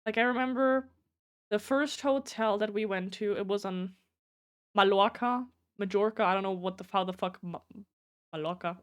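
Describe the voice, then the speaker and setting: A woman's voice: mid-range voice, clear, resonant tone. A young woman streaming live, chatting casually with viewers, rambling, swearing freely and greeting people in chat by name.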